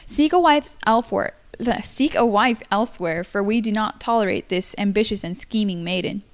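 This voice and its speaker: A woman's voice: medium pitch, normal speed, close to an everyday voice. A woman reading scornful stern relatives.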